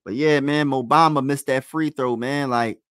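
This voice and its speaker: A young man calling a basketball game live as a fan, his voice mid-pitched and dry, close to the mic. He talks loosely and excitably, pleading with players and groaning over misses. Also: normal speed, no room sound. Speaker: live play-by-play streamer. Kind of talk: casual fan play-by-play.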